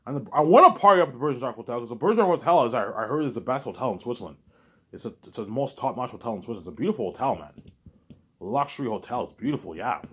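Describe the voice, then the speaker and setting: A man's voice: medium pitch, expressive, rapid-fire, a bit bright, slightly rough. A man talking in a rambling, repetitive monologue, often restarting and adding "you know what I'm saying". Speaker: vlogger.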